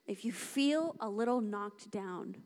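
A woman's voice: mid-range voice, measured pace. Emphatic woman preaching a sermon. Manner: lively, emphatic and conversational, acting out dialogue. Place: church service.

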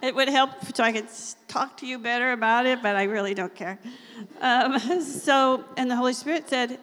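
A woman giving a casual, chatty Bible teaching, laughing often and reading scripture slowly. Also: a little high, a bit bright. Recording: long hall reverb.

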